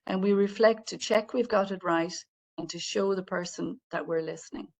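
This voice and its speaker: A woman's voice: medium pitch, steady tone, moderate pace, creaky. A woman giving an online training webinar over a video call, explaining things in a friendly way and speaking directly to the participants. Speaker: webinar presenter on healthcare communication.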